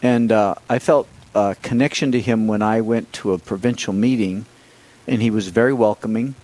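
A middle-aged priest being interviewed, telling a personal story in a halting, conversational way with many restarts and fillers. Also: male voice, on the low side, darkish tone, poor audio. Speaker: priest appointed bishop, interview guest.

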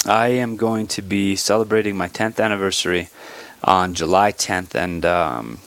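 A priest hosting a radio program, leading prayers and chatting with listeners in a measured, earnest way, slightly short of breath. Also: male voice, low-pitched, a bit bright, no room sound. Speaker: priest and radio show host.

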